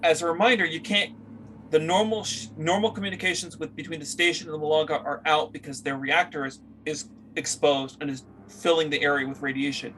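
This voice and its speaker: A man's voice: on the high side, fairly even intonation, a little fast, a bit bright, slight background noise. A man narrating as game master for a tabletop game, rambling with many fillers as he searches for words.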